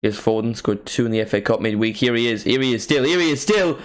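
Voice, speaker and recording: Guy streaming a footy watchalong, lowish voice, chatty play-by-play with jokey bits. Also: fast. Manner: chatty, jokey asides between excited calls of the action. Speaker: streamer hosting a live match watchalong. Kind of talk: casual live play-by-play commentary.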